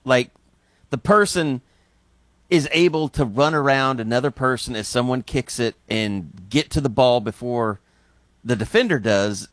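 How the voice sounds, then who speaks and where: A man's voice: medium pitch, measured pace, no echo. A man from Scotland co-hosting a casual talk show, giving thoughtful, rambling opinions. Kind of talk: casual chat.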